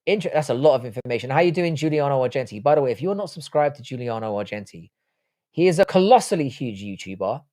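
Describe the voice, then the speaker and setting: Lively, profane male live streamer. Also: medium pitch, fast. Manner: casual and profane, reads viewer chat and answers it. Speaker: livestream host. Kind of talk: casual live-stream chat.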